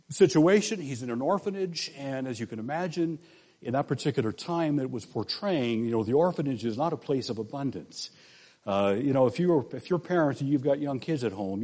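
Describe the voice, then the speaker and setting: Animated man preaching a sermon. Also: mid-range voice. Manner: conversational, asks the congregation questions. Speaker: pastor.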